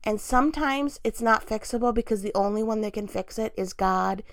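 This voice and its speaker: A woman's voice: a little high, moderate pace, no echo, clean studio sound. A woman giving an earnest, chatty devotional talk, full of fillers and direct questions to the listener. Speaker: Christian devotional speaker.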